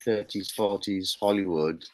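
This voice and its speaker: A man's voice: deep voice, fairly even intonation, measured pace, dry recording. A middle-aged man, a horror magazine publisher, chatting as an interview guest with an enthusiastic, rambling manner and frequent restarts. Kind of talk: casual interview chat.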